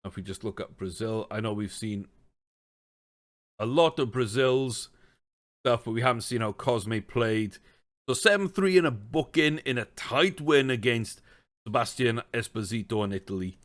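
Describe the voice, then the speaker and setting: A man streams himself playing a football management game and talks it through in a casual, chatty way. His voice sits at an ordinary middle pitch. He thinks out loud and now and then breaks into exasperated rants. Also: moderate pace. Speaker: gaming streamer. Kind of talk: casual let's-play commentary.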